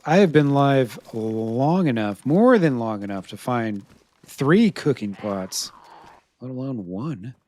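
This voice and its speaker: Lively, chatty American streamer guy. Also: medium pitch, slow. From United States. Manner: chatty, laughs often, talks to himself while looting. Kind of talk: live gameplay commentary to chat.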